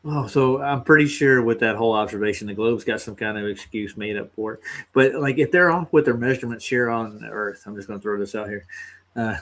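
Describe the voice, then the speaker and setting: A man in a casual podcast chat, explaining a point in halting, repetitive phrases. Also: fairly low pitch, fairly bright tone. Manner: argumentative, halting explanations with repeated words.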